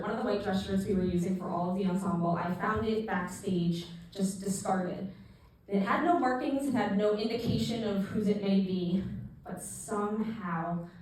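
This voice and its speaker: A young woman doing stand-up, telling a self-mocking story in a deadpan way with pauses. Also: lowish voice. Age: young adult. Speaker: stand-up comedian. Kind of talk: stand-up set. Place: small theater stage with live audience. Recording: echoey room, distant mic, audible noise.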